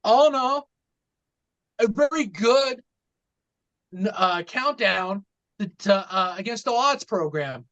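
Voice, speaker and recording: A woman's voice: medium pitch, animated, takes it slowly, pauses often, a bit bright, muffled recording. A woman co-hosting a casual podcast, recapping matches with a hesitant manner, full of ums and restarts. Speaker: podcast co-host.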